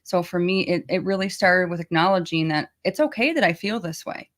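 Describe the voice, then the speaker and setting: A woman's voice: lowish voice, fairly quick. A woman co-hosting a livestream Q&A as a recovery coach, speaking openly and thoughtfully about her own experience. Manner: open, personal, thoughtful, soft-spoken. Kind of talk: casual livestream Q&A talk.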